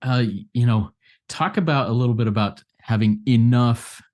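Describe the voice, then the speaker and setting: A man moderating a recovery discussion podcast, speaking gently and hesitantly with many fillers. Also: mid-range voice, a little fast.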